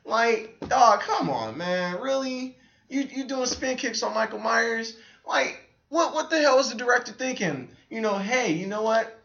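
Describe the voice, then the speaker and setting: A man hosting a podcast, ranting casually about a film in an incredulous, animated way and swearing a lot. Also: very high voice, measured pace, creaky, muffled recording. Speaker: podcast host reviewing a film. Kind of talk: casual rant.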